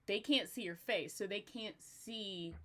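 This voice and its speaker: A young woman hosting a relaxed podcast chat, with a slight natural vocal fry in her mid-pitched voice. She is animated, laughs often and swears casually as she talks. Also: unhurried. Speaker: podcast host.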